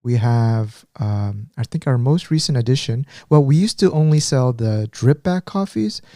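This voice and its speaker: A man from Korea co-hosting a podcast, talking in a relaxed, teasing way and often trailing off mid-sentence. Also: mid-range voice, moderate pace, no echo, studio quality. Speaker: podcast co-host. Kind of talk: casual chat.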